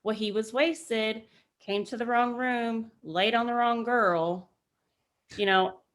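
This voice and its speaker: A woman veteran telling a story on a podcast in a casual, animated way, swearing freely. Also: on the high side, takes it slowly. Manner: animated, acts out quoted voices, swears freely. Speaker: military veteran guest.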